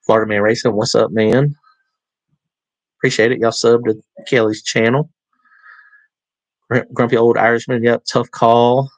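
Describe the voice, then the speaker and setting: A man's voice: medium pitch, flat delivery, normal speed, pauses often, no echo, poor audio. A man with a Southern US accent hosting a casual live stream, rambling through fillers and restarts while answering viewer comments. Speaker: livestream host. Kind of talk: casual livestream chat.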